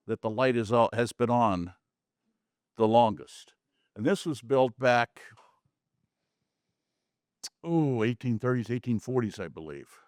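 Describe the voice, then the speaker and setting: A man's voice: mid-range voice, a little mellow, dry recording. A man chats his way through a slide talk about his photos in a folksy, joking way. His voice is close and dry, with no room sound around it. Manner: chatty, folksy asides and jokes. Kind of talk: casual presentation to a small audience. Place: community meeting room.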